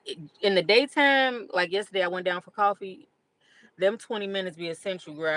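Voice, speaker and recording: A woman's voice: on the low side, slight background noise, low-quality recording. Chatty middle-aged woman talking while driving. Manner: chatty, candid, vents loudly about other drivers. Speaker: vlogger. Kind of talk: casual chat while driving. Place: in a car.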